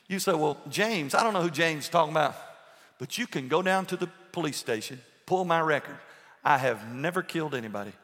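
A man preaching a sermon to his church, firing rhetorical questions and swinging between loud and hushed delivery. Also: high-pitched, long reverb tail. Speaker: pastor. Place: church sanctuary.

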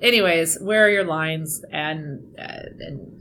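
A young adult woman co-hosting a casual book podcast, animated and outspoken, swearing and acting out the reactions she quotes. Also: low voice, slow, slight background noise. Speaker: podcast co-host.

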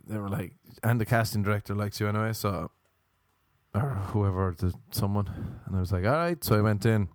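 A young Irish man doing stand-up storytelling, animated and quick to act out other people's voices. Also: fairly low pitch, no echo. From Ireland. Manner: animated, acts out voices in quotes. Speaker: comedian.

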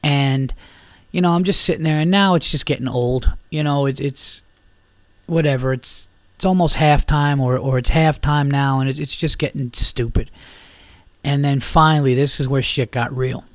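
On his podcast, a man rambles through a bar story, cursing often and restarting himself amid plenty of fillers. He talks at a moderate pace with a medium pitch and steady tone, and there's no echo.

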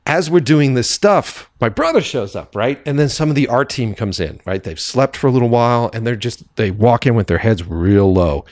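A man recounts a chaotic day on his film set as a podcast guest, animated and casual and quick to curse. His voice sits in a middle register for a man. The sound is dry and close, with no room echo. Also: medium pitch. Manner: animated storyteller who swears freely and acts out quoted dialogue. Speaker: filmmaker guest. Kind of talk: casual anecdote telling.

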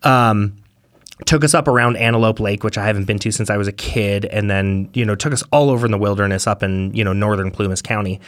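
A man's voice: on the low side, fast talker, no room sound, studio quality. A man co-hosting a podcast in casual chat, talking with eager enthusiasm and rambling, with plenty of "you know" fillers. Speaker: podcast co-host.

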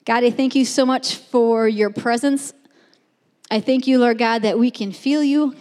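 An earnest woman with a somewhat high voice speaks to young singles. She leads a prayer with repeated invocations. The sound carries a long reverb from a big hall. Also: unhurried, darkish tone. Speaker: guest speaker. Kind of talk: talk and prayer to a youth group.

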